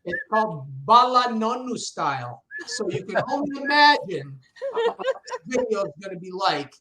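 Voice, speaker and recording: A man's voice: high voice, huge pitch swings, moderate pace, sharp tone, rough recording. A middle-aged man, a comedian guest chatting casually and animatedly, who swears and acts out voices. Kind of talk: casual chat.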